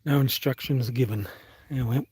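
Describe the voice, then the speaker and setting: Chatting on a phone livestream from farmland, a New Zealand man thinks aloud in a rambling, casual way, swearing offhandedly as he goes. His medium-pitched voice has a darkish tone and a moderate pace, with a little hiss or hum in the recording.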